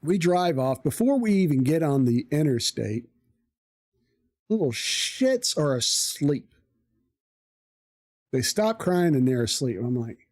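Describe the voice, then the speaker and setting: A live streamer telling a story in a casual, animated way, swearing freely. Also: medium pitch, slow pace, pauses often, dry recording.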